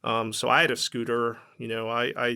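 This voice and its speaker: A man speaks with a bright, forceful tone, rambling through his memories in a relaxed interview. He fills his talk with "like" and "um" and slips into quoting other people. His pitch sits at an ordinary middle height. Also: brisk, gravelly, clear, resonant tone. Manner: rambling, lots of fillers, acts out quoted dialogue. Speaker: company founder, podcast guest. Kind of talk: casual interview storytelling.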